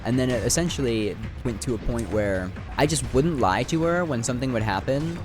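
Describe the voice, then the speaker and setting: A man's voice: medium pitch, animated, a little fast. A young man talking through a reflective, rambling chat while playing a game, with many fillers and casual swearing. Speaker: gaming video creator. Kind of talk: reflective talk over gameplay. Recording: background game music.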